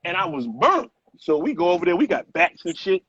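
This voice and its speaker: A middle-aged man, an author guest, telling stories in casual interview talk with animated street slang and plenty of cursing. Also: sits high, a little fast, husky, no echo. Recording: muffled lo-fi sound.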